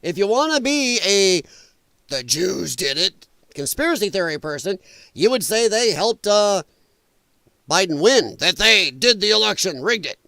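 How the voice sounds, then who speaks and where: A man hosting a casual political commentary livestream, rambling and quick to laugh while he reads the chat. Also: high-pitched, big pitch swings, pushed and bright, no room sound, studio quality. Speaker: livestream host reading chat.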